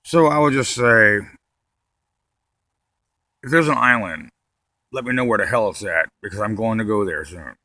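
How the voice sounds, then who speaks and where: Stand-up comedian, man, rambling deadpan delivery with plenty of cursing, bright tone. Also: lowish voice, normal speed, long pauses, no echo, clean studio sound.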